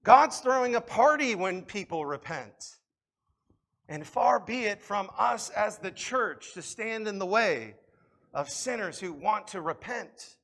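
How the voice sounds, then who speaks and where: A man preaching a sermon with a fairly high voice. His delivery is impassioned and swings from loud, urgent appeals to hushed, quiet stretches. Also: lively intonation, unhurried. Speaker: pastor.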